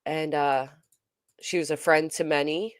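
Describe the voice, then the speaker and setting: A woman's voice: deep voice, steady tone, a little slow, dry recording, studio quality. A woman hosting a casual commentary livestream, reading viewer comments aloud and answering them with lots of ums and uhs. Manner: chatty, reads viewer comments aloud and replies; hesitant, frequent um and uh fillers. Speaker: commentary channel host.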